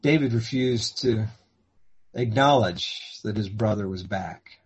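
A man preaching in first-person storytelling, swinging between hushed and fervent delivery. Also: fairly low pitch, slow pace, husky, muffled recording.

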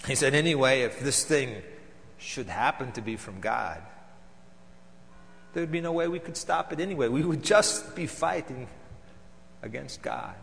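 A man performing a theatrical monologue as a bitter, vengeful temple council elder, moving between loud outbursts and hushed, seething lines. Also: mid-range voice, animated, unhurried, creaky, pauses often, big-room sound, a little hiss or hum. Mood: recounting, measured.

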